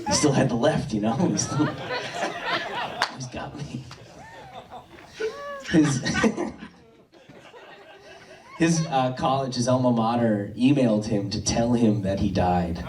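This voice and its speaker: A man from the States doing stand-up on a club stage, talking in a meandering, deadpan way that keeps stopping and restarting mid-thought. His voice sits at an ordinary pitch. It carries the echo of the room and sounds picked up from a distance. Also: takes it slowly, pauses often, a loud crowd. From Worcester, USA. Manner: rambling, self-interrupting, dry delivery with stammered restarts. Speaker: stand-up comedian. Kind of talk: stand-up comedy set.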